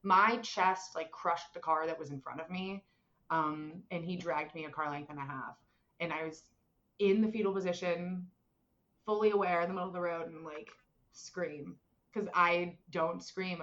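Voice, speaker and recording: A young woman telling a personal story in a casual, animated way, full of fillers, acting out what people said. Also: lowish voice, normal speed, highs cut off. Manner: animated, many fillers, acts out voices in quotes.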